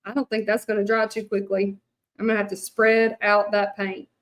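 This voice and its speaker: A woman's voice: mid-range voice, flat delivery, moderate pace. Chatty Southern woman lettering a sign. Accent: Louisiana Southern. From Louisiana. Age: middle-aged. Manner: chatty, rambling, many fillers, talks to viewers. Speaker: hand-lettering artist. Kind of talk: casual craft livestream chat.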